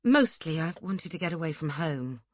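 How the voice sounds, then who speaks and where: A woman voicing a young woman disguised as a boy, answering in hesitant, halting bursts. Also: sits low, animated, darkish tone, dry recording, clean studio sound. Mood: guarded.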